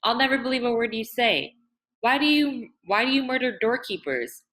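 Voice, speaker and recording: A woman's voice: animated, fairly quick, fairly bright tone, close to an everyday voice. A woman reading aloud and voicing a distraught young woman who pleads and reproaches in a raised, emotional voice. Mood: pleading, distraught. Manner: high, pleading, emotional delivery.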